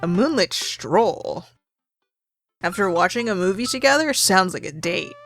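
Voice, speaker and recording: A woman's voice: medium pitch, lively intonation, a little slow, a bit bright, soft background music. A woman hosting a let's play, chatting and reading the story aloud with laughs and swearing. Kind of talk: casual game commentary and narration.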